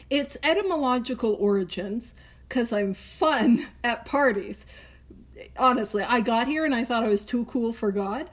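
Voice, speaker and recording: A woman hosting a recovery book study, teaching in a chatty, casual way, laughing often and wandering into tangents. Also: on the high side.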